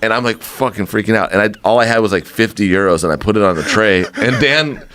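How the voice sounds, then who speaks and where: Deep-voiced man telling a story. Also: quick pace. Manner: animated, laughing storyteller. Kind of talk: casual storytelling.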